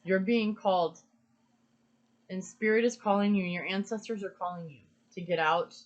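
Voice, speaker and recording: A woman's voice: mid-range voice, fairly even intonation, moderate pace. A woman talks through a pick-a-card reading in an earnest, emphatic way, circling back to the same phrases to drive them home. Her voice sits in a middle register. The recording is dull and lo-fi. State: emotional. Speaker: tarot card reader.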